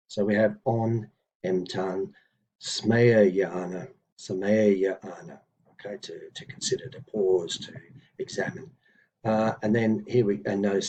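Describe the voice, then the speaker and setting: A man teaching an Old English lesson in an unhurried, explanatory way, with frequent fillers and self-corrections. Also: sits low, darkish tone, slightly rough, rough recording. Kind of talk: informal recorded lesson, reading and explaining text.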